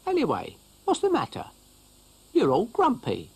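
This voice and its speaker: A man doing a high, kindly cartoon snail. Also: huge pitch swings, measured pace, slightly rough, exaggerated voice. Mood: kindly soothing. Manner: gentle and soothing, calls others dear.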